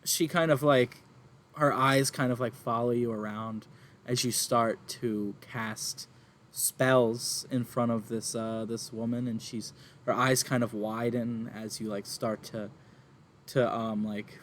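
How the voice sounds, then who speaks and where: A man's voice: medium pitch, slight background noise. A man narrating as game master, loosely describing scenes with many fillers.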